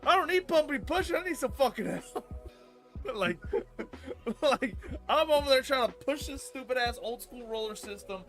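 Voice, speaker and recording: A man in his thirties telling a long work story on a stream, profane and rambling, growing loud and heated as he goes. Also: very high-pitched, expressive, moderate pace, soft background music. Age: 30s. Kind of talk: casual storytelling chat.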